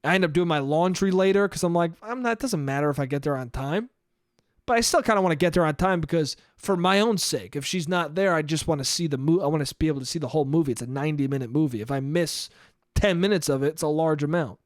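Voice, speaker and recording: A young man hosts his podcast alone, telling a long story in a loose, animated way, swearing freely and acting out his own thoughts as he goes. His voice sits a little high for a man. The sound is close and dry, with no room around it. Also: fast, no room sound. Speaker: podcast host. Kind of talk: casual storytelling monologue.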